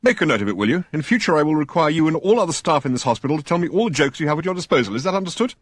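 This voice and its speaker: A man's voice: on the high side, very animated, racing, no echo, clean studio sound, pitched above the performer's own voice. A man playing a pompous middle-aged male scientist who lectures testily and sounds self-important. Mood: barking.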